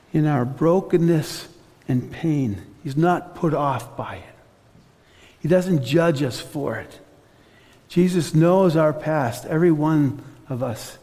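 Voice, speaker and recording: A man preaching a sermon as pastor, earnest, slowing and softening on reflective passages. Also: on the high side, in a large hall.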